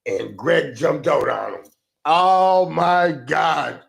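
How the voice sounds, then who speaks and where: Brief: gravelly New man, podcast co-host, animated storyteller who slips into impressions, voice sits a bit high. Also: very slow. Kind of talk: casual livestream podcast banter.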